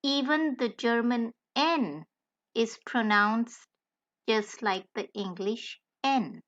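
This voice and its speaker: Slow, careful woman tutor, lo-fi. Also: fairly high pitch, fairly bright tone. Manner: careful, deliberate, spells out letters one by one. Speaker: language tutor. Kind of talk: slow scripted tutorial narration.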